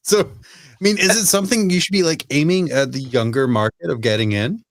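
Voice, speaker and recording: A man's voice: a little high, normal speed, fairly bright tone, dry recording, studio quality. A man co-hosting a podcast in casual chat, steering the talk with questions. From United Kingdom. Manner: leads the discussion with questions. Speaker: podcast co-host.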